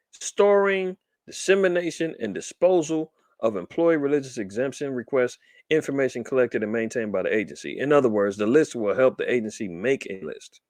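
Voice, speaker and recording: A man's voice: medium pitch, no echo. A man hosting a commentary show, reading articles aloud and riffing on them with rhetorical questions. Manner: animated, rhetorical questions, reads then riffs. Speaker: podcast host reading and commenting on news.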